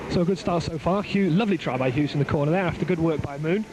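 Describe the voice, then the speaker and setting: A man giving live play-by-play rugby commentary outdoors at a ground, excitable and joking, his voice climbing as the play builds. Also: on the high side, quick pace. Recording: noisy outdoor amateur recording.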